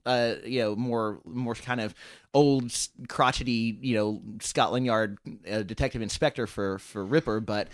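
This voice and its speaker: Brief: male guest, game master, mid-pitched, chatty, many restarts, dry close sound. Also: fairly even intonation, moderate pace, no echo. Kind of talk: casual podcast interview.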